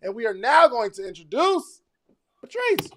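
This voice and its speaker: A man's voice: extremely high pitch, sing-song, normal speed, fairly bright tone, a little hiss or hum. A man co-hosting a podcast, chatting in a hyped, playful way with lots of slang. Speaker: podcast co-host. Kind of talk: casual podcast chat.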